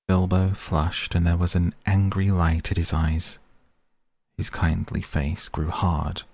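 A man narrating an audiobook in a steady storytelling voice. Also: low voice, slow pace, gravelly, dry recording. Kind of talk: scripted narration.

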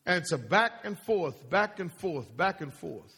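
A man's voice: high-pitched, lively intonation, unhurried, hardly any pauses, sharp tone, husky. A man preaching a sermon, asking the congregation to answer and repeating his phrases for emphasis. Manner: call-and-response, questions to the congregation. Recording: long hall reverb.

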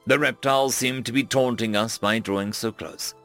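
A man narrating a first-person science-fiction story with dramatic, expressive delivery. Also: medium pitch, moderate pace, soft background music.

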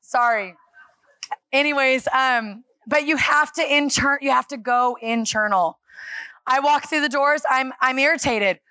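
A woman speaking at a church on a handheld microphone, giving a lively, self-deprecating sermon that acts out her talks with God. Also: sits high, measured pace, no echo. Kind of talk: conversational sermon. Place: church stage.

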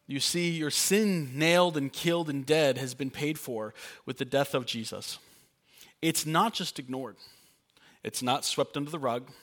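A man's voice: fairly high pitch, unhurried, fairly bright tone. A young adult man preaching a sermon as pastor, earnest and conversational with playful asides.

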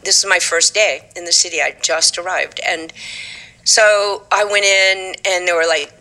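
Animated older woman from Texas, bright. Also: fairly low pitch, low-quality recording. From Texas, USA. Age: 70s. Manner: animated, acts out quoted voices in her stories. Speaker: guest, stage actress and singer. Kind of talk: storytelling in a conversational interview.

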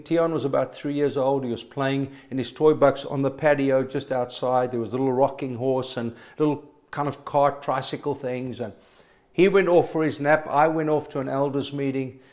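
A man's voice: mid-range voice, fairly even intonation, a little fast, a little mellow. A middle-aged man preaching a sermon, telling stories with emphatic stammered restarts. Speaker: pastor.

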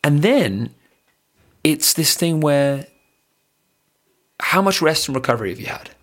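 A man, co-hosting a casual surf podcast and guiding a breathing exercise, lively and laughing, swearing casually. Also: on the high side, measured pace. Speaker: podcast co-host. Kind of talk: casual chat with guided breathing.

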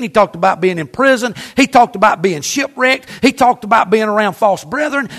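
An older man preaching from the pulpit with a strikingly high voice. He leans into call-and-response with the congregation, stretching out his emphatic lines. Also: a bit bright. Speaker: pastor. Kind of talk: sermon.

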